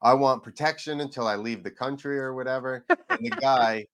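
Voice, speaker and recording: A man with a medium-pitched, fairly bright voice speaks at normal speed. He's a freestyle motocross rider on a podcast, rambling through a story in casual conversation. He occasionally swears and acts out the people involved.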